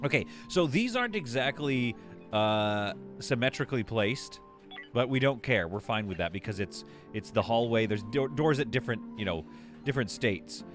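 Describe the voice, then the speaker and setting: A man's voice: mid-range voice, lively intonation, moderate pace, music in the background. A man streaming a game live, rambling and joking as he thinks aloud while building. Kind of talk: casual live gameplay commentary.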